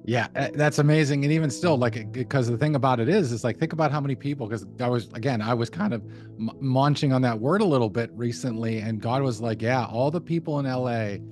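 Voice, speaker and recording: A male host speaks in a casual interview at a middle pitch. He sounds enthusiastic, thinks out loud and fills his talk with "like" and restarts. Soft music sits faintly behind him. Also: fast.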